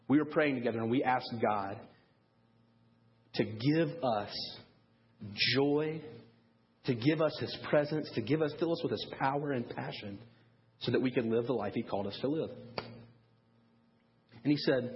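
A man preaching a sermon to parents, telling a story in a lively way and acting out the people he quotes. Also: medium pitch, moderate pace, lo-fi sound, a little hiss or hum. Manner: animated storyteller, acts out quoted voices. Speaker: pastor.

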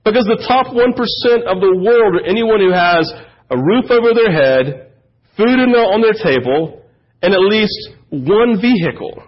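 High-voiced husky male pastor preaching. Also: normal speed, dull audio. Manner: animated preaching, acts out quoted voices. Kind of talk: sermon.

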